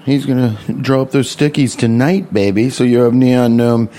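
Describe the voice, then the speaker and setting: Comedian guy rambling on his vlog, joking, swearing, average pitch. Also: fairly even intonation, normal speed, mellow, slight background noise.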